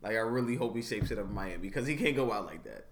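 A man's voice: fairly low pitch, animated, very fast, roomy sound. A man cohosting a casual podcast chat, laid-back, often laughing and pushing back on teasing.

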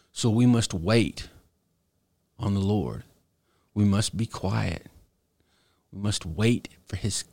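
A pastor delivers an earnest, exhorting sermon in a lowish male voice. He leans into key phrases slowly and deliberately. The sound is dry and close, with no room around it. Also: creaky, dry recording.

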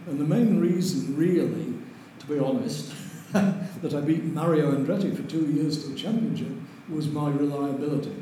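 A man's voice: on the high side, normal speed. Older man telling racing stories. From Lancashire, England. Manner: lively, chuckles through stories. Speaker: interview guest, racing driver. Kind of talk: anecdotal storytelling. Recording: very echoey room with faint noise.

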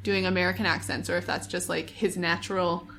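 A woman's voice: on the low side, little pitch movement, brisk, fairly bright tone, slight background noise. A young woman chatting casually as a podcast co-host. She gushes enthusiastically and uses many fillers. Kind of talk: casual chat.

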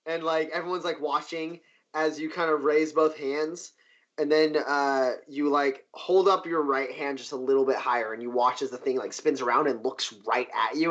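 A man narrating a tabletop game as game master, animated and loose, often jumping into high cheering crowd voices. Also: moderate pace, dull audio.

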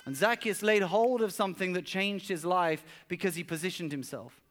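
A man's voice: high-pitched, moderate pace, a bit bright. A man preaching a sermon at a church service, telling stories earnestly and often repeating words as he goes. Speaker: pastor.

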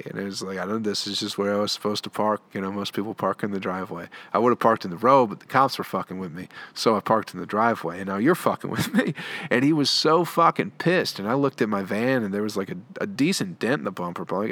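A man's voice: lowish voice, brisk, a bit bright, dry recording. A young adult man on a comedy podcast, telling a long story in a rambling, profane, laid-back way. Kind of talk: storytelling monologue.

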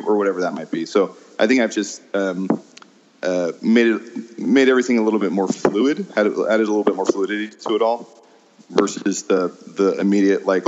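Talking fairly quickly in a lowish, darkish voice, this Midwestern improv teacher chats casually as an interview guest. He's hesitant, full of ums, and keeps laughing at himself, all captured in dull lo-fi sound.

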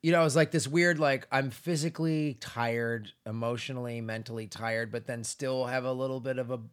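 A man in a casual podcast chat, tired but lively, telling stories and laughing along the way. His voice sits at a middle pitch, and the sound is close and plain. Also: a little fast, clear, resonant tone. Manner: laughs often, animated storytelling with voiced asides. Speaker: podcast co-host.

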